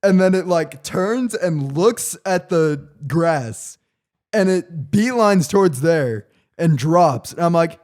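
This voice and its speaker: A young man co-hosting a podcast, telling a story with animated delivery and stumbling restarts. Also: fairly high pitch, slow. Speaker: podcast co-host. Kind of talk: casual storytelling.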